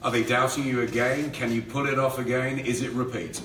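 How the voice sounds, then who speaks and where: A man's voice: mid-range voice, steady tone, brisk, a bit bright. A man hosting a boxing press conference, putting leading questions to the fighters and building them up. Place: hotel conference room. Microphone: room mic, heard from a distance. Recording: echoey room, distant mic, faint noise.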